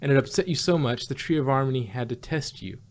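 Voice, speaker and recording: A man's voice: mid-range voice, fast, natural voice. A man voicing a sweet young pony filly who is secretly sly, reading her lines as a pleading, breathless apology.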